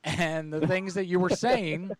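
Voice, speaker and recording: A man's voice: high voice, measured pace, no room sound. A man hosting a comedy prank-call podcast, talking loosely and swearing casually. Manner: loose, profane, joking. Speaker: podcast host and prank caller.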